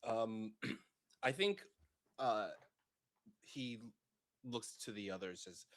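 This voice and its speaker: A man's voice: fairly low pitch, takes it slowly, long pauses, a bit bright. A man playing a tabletop role-playing game, laying out the crew's plan in an earnest way. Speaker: player. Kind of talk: casual tabletop role-play.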